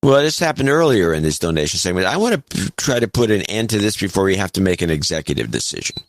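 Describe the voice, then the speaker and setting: Low-ish dry voiced guy reading donor notes on a podcast, wry little asides. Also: very animated, fast, no room sound. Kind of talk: casual banter reading listener notes.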